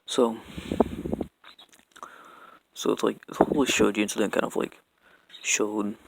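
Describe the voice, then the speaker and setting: A young man speaks in a rambling personal apology, with a rough, gravelly fry all through his lowish voice. He stumbles, restarts his sentences and leans on fillers constantly. A faint hiss of noise sits under the recording. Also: low-quality recording. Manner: halting, filler-heavy, keeps restarting sentences. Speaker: vlogger.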